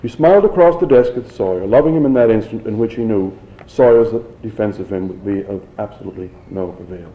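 A man's voice: lowish voice, fast talker, roomy sound, muffled recording. A man reading a novel aloud, unpolished, with some restarts. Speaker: reader.

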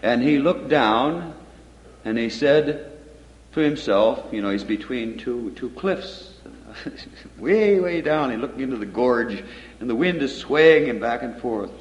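Rambling poet in an echoey hall. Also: male voice, medium pitch, animated, slow, highs cut off. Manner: rambling, joking, digressive, stumbling restarts. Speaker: poet giving a reading. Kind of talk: live poetry reading with asides.

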